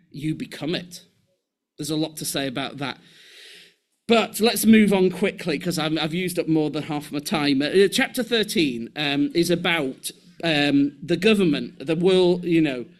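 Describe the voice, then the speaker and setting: A man preaching a sermon with animated delivery, restarting phrases and acting out quoted voices. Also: a little high, a little slow.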